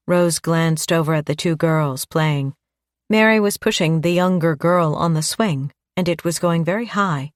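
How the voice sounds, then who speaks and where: A woman narrating a suspense audiobook in a steady, measured way. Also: low voice, dry recording, studio quality. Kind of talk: scripted narration.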